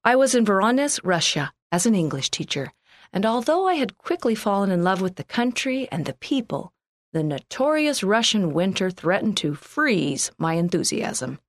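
A woman from Canada reading a first-person church magazine article aloud in a calm, earnest, scripted narration. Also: mid-range voice, moderate pace, dry recording, clean studio sound.

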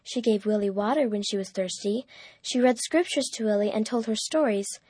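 A woman narrating a storybook in a clear, measured reading voice. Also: mid-range voice, darkish tone, no room sound, studio quality.

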